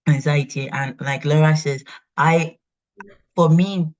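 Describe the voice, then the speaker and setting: A woman from Nigeria, hosting a workshop in a lively, chatty interview manner and asking her guest questions. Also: deep voice, takes it slowly. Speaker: workshop host. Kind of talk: conversational interview. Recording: slightly dull, muffled audio.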